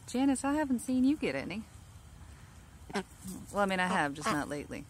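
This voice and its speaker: Her mid-range voice is sing-song and moves at a normal speed, with a little background noise. She's outside in her backyard recording her ducks on her phone, fondly baby-talking to them for a casual vlog.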